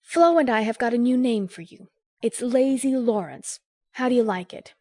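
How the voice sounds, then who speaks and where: Woman voicing a stern young lady giving a lecture, crisp and earnest, higher voice, dry close sound. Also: normal speed, darkish tone, dry recording, natural voice. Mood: scolding. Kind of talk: audiobook character voice.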